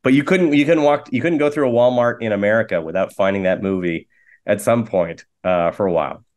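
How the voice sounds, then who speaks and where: Canadian guy in his 40s telling rambly self-deprecating jokes, lowish voice. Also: brisk, a little mellow. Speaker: guest, actor and comedian. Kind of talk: casual interview chat.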